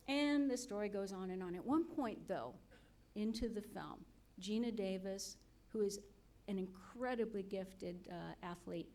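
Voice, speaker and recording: A woman's voice: mid-range voice, mellow. A woman on the medical school faculty giving an earnest, motivational ceremony speech into a podium mic, putting questions to the audience.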